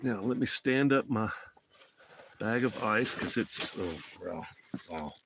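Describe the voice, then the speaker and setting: A man's voice: on the low side, lively intonation, takes it slowly, fairly bright tone, a little hiss or hum. Rambling Southern man on a live stream. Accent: Southern US, Alabama. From Alabama. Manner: rambling, folksy, talks to viewers in chat. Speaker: motorcycle travel vlogger. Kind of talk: casual live-stream chat. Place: outdoors in the mountains. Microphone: phone.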